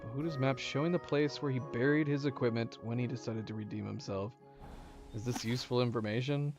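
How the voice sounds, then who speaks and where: A man's voice: medium pitch, a little fast, over music. A man hosting a let's play, musing aloud about the game in a casual, chatty way. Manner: chatty, musing, chuckles often. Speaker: gaming channel host.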